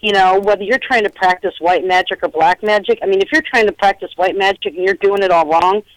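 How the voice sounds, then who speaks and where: A middle-aged woman, a paranormal investigator, telling stories in a chatty, animated way over a phone line and acting out the quotes. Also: medium pitch, fairly quick, no echo. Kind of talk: casual storytelling interview.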